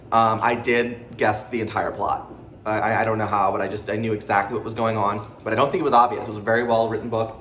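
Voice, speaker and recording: A man hosting his own book channel, talking fast and excitably through a casual monthly reading wrap-up, jittery from a pre-workout drink and swearing freely. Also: fairly low pitch. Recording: roomy echo with faint background noise.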